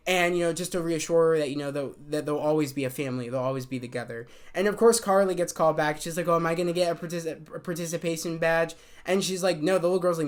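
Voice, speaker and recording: A man's voice: a little high, steady tone, fast talker, few pauses. A young man casually recapping a TV episode, rambling with lots of fillers and restarts. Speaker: show reviewer.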